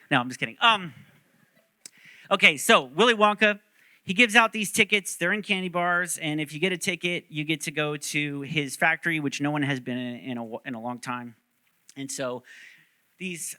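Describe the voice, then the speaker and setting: A man's voice: a little high, sharp tone, clean tone, no echo. A male pastor preaching a sermon, telling stories animatedly and joking with the congregation.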